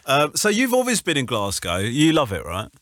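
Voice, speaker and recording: Male radio host, chatty and teasing, slightly high and very animated delivery. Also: normal speed, no echo, studio quality. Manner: chatty, curious, teasing questions. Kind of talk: casual radio interview.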